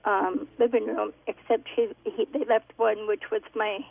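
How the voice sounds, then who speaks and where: A woman calling in to a radio show, telling a story haltingly with many pauses and ums. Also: mid-range voice, little pitch movement, gravelly. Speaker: caller. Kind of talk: phone-in story. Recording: tinny phone line.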